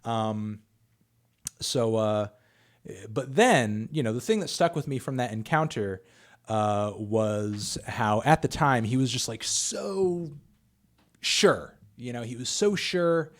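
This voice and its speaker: A man's voice: medium pitch, expressive, takes it slowly. A man who reviews music, answering viewer questions on a livestream in a loose, chatty way with lots of fillers and the odd swear word. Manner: loose and conversational, with frequent fillers and casual swearing. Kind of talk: casual livestream Q&A.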